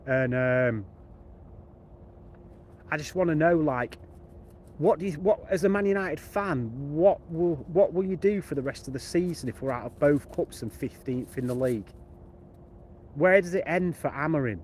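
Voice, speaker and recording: A young Midlands man talks football in a laid-back, chatty live-stream voice while out walking his dog. His voice sits a touch high, with faint outdoor ambience and passing traffic behind him. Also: expressive, moderate pace, pauses often, darkish tone. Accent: English Midlands. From England. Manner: chatty, laid-back, thanks viewers by name. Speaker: football channel vlogger. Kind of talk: casual live-stream chat.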